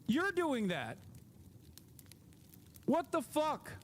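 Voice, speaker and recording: A high-pitched man in his thirties rants furiously on a live stream and swears freely as he reacts to a clip. His voice sits well above the usual male range. A faint hiss runs under the audio. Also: wildly swooping pitch, extremely slow. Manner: heated, profane ranting.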